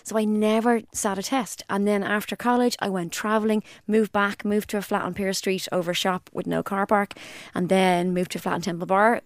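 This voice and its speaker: A woman's voice: mid-range voice, fairly even intonation, normal speed, hardly any pauses, dry recording, clean studio sound. An Irish woman in her forties co-hosting a podcast, telling stories in a wry, self-deprecating casual chat. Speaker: podcast co-host.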